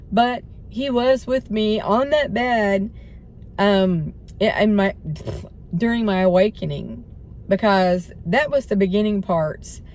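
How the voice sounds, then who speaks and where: Hoarse middle-aged woman rambling. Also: mid-range voice, darkish tone. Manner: rambling, self-doubting, laughs between thoughts. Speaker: vlogger. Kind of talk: rambling spiritual vlog chat.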